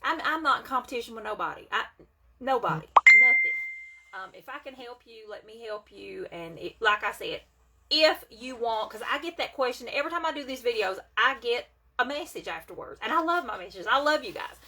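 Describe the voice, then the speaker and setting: Woman in her thirties, bright and a little high, folksy live-stream seller. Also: lively intonation, fairly quick, slight background noise. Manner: chatty, folksy, reads out viewer comments. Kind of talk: casual live-stream chat.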